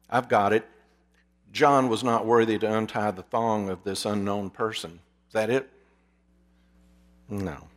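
A man preaching a sermon, asking his listeners rhetorical questions and dropping to a hush for emphasis. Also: on the low side. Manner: drops to a hushed voice for emphasis.

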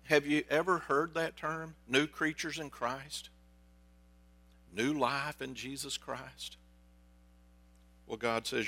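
A man's voice: medium pitch, steady tone, slow pace, pauses often, sharp tone. A man preaching a sermon as a pastor, telling stories in a conversational way and asking his listeners questions. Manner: conversational storytelling, asks the congregation questions.

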